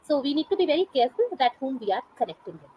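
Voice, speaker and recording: A woman's voice: high-pitched, sing-song, very fast, mellow, breathy edge, rough recording. A woman leading a casual conversation, encouraging her guest with frequent affirmations. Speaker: interviewer, English teacher.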